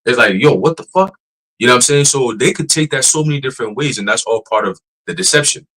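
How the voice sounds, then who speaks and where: A man teaching casually on a church livestream, profane and animated, laughing and mocking as he talks. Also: mid-range voice, quick pace, rough recording.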